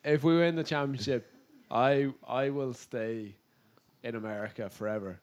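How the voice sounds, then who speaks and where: A man's voice: mid-range voice, normal speed. A young Irishman in his twenties, a podcast guest chatting casually, cheeky and joking, with plenty of swearing. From Ireland. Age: 20s.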